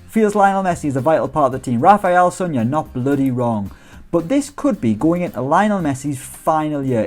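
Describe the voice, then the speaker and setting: A man's voice: a little high, darkish tone. A British man giving casual, jokey commentary on a football management game, with chatty self-teasing asides. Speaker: gaming YouTuber.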